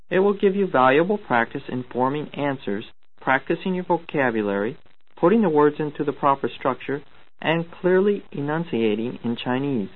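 A man reading scripted instructions for a language course in a measured, formal way. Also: mid-range voice. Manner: measured, formal, announcing cues. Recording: tinny narrow-band tape recording.

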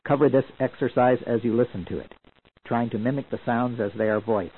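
A man narrates an old language course in a measured, explanatory way, his voice squeezed thin and tinny as if heard through a phone line. He sits at an everyday middle pitch. The tape sounds old and lo-fi. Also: fairly even intonation, husky. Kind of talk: scripted instructional narration.

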